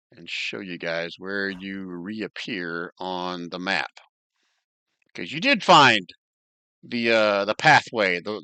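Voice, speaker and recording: A man's voice: fairly low pitch, sharp tone, smooth, no echo. A man acting as game master, running an online tabletop game in a chatty, joking way and thinking aloud as he works the map.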